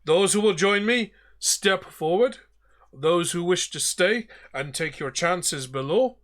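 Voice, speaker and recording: Guy putting on a bright slow ghost captain, gruff and menacing. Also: high voice, lively intonation, heavily acted. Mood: commanding. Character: ghostly pirate captain, soul-hungry, gruff.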